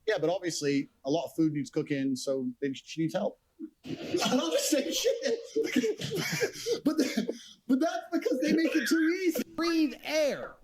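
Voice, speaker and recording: A man's voice: very high voice, very animated, measured pace, noisy background. A man bragging in a brash, provocative way, swearing freely and taunting his listeners. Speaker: interviewee in played clips. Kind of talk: boastful monologue.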